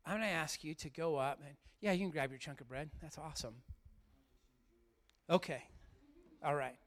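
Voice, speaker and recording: Earnest pastor, higher male voice. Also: normal speed. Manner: earnest, heartfelt, speaks to congregation directly. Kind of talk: sermon. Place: church sanctuary.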